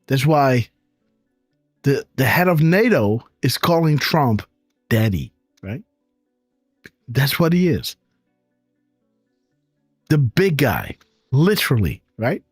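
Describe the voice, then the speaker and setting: A man's voice: mid-range voice, big pitch swings, slow, pauses often, husky, dry recording, clean studio sound, soft background music. A man hosting a live commentary show, tagging his points with "right?" in an emphatic way. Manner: tags sentences with "right?", emphatic. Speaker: host.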